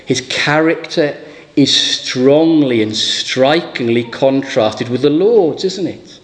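A man's voice: mid-range voice, slow pace. A man preaching a sermon, asking rhetorical questions and voicing scripture dramatically.

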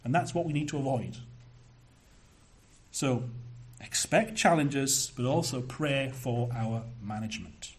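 A pastor preaching a sermon, measured and emphatic, slowing down to stress key phrases. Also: male voice, medium pitch.

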